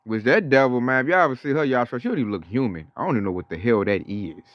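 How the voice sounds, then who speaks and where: A man's voice: medium pitch, animated, racing, dry recording. A man co-hosting casual religious commentary in a blunt, rambling, slangy way. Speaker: co-host.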